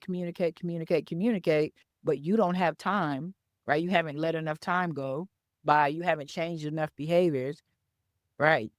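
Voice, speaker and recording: In a clean, dry studio recording, a low-pitched woman teaches on her solo podcast by telling a story conversationally. A business coach, she checks in often with "okay?" and "right?" and repeats words to drive points home.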